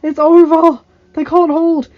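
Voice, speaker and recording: A woman reading aloud gives voice to a grim male knight shouting urgent pleas on a castle wall. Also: extremely high pitch, flat delivery, unhurried, highs cut off, pitched above the performer's own voice. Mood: pleading shouts. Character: grim middle-aged male knight, desperate.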